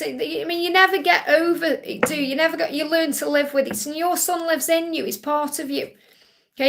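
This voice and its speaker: Running a live spiritual reading stream on a tablet, a woman with a high, fairly bright voice hosts a psychic Q&A. She relays messages in a calm, comforting way.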